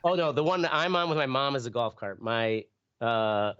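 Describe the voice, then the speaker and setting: A man's voice: medium pitch, lively intonation, moderate pace, lo-fi sound, noisy background. Rambling man telling stories on a podcast. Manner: rambling, filler-heavy storytelling with profanity. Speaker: podcast co-host. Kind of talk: casual podcast banter.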